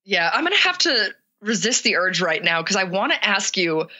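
A woman chatting with a friend, asking winding, thoughtful questions in a relaxed conversation. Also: medium pitch, normal speed, dull audio. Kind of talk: casual chat between friends.

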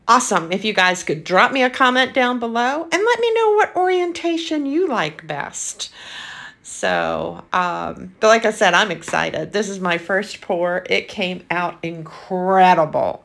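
A woman hosting her own art channel, talking casually and gushing with excitement, full of ums and repeats. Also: mid-range voice. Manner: gushing, enthusiastic, filler-heavy. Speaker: acrylic pour artist, channel host. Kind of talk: casual vlog narration.

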